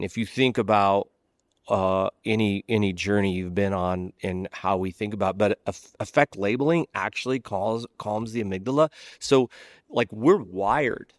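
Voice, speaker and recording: A man's voice: lowish voice, normal speed, no room sound, studio quality. A man speaking as a guest pastor, explaining ideas earnestly in a conversational way and often restarting mid-thought.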